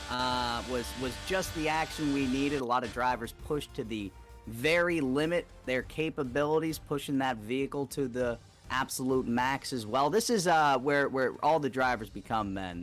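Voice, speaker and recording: A man co-commentating a live online racing league, reflecting on the race with halting speech, repeated words and many fillers. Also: mid-range voice, fairly bright tone.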